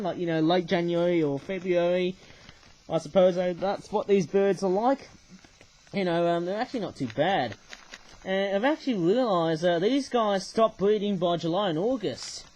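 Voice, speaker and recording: A man's voice: sits high, darkish tone, poor audio. A man talking casually as he reviews toys, rambling and hesitant, often ending thoughts with a questioning "eh?". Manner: rambling, tags remarks with "I suppose, eh?"; hesitant, many fillers and restarts. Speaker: toy reviewer. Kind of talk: casual toy review talk.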